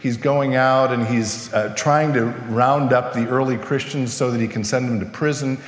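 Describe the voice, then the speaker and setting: A man's voice: medium pitch, steady tone, normal speed, soft background music. Male pastor, casual sermon delivery, echoey church hall with long reverb. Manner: conversational, asks the congregation questions. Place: church sanctuary.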